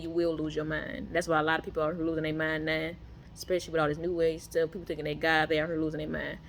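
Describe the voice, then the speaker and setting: Low-voiced woman telling her testimony. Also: a little hiss or hum. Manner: loose conversational delivery with many fillers and restarts. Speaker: person giving a testimony. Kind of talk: personal testimony, casual storytelling.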